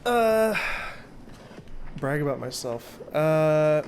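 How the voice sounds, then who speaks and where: A man's voice: a little high, expressive, very slow, darkish tone. A young man chatting casually as an interview guest while playing a game, rambling and joking. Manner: laughing, rambling, jokey. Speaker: interview guest, magician and video maker. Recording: faint background noise.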